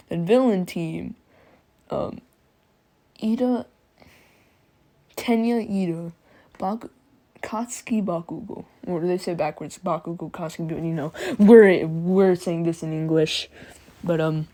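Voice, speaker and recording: Tired woman rambling through a fan story, slangy and drawly, kinda low voice. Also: unhurried, long pauses, mellow. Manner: slangy and drawling, many fillers. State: sleepy.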